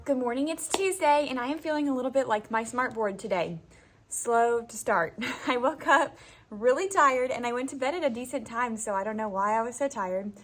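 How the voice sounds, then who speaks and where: A woman's voice: a little high, animated, normal speed, a bit bright, faint music behind. Chatty young woman teacher vlogging. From Florida. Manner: chatty, laughs easily, uses "y'all" and "like". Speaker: first grade teacher. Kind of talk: casual vlog chat. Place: classroom, indoors.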